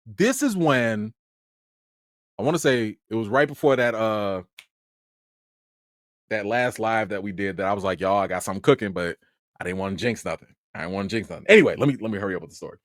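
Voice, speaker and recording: Excited chicago guy on a livestream, voice jumping all over the place, dry close sound. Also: fairly low pitch, a little fast, long pauses, no room sound. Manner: animated, excitable, slangy. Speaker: film critic and channel host. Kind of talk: livestream storytelling.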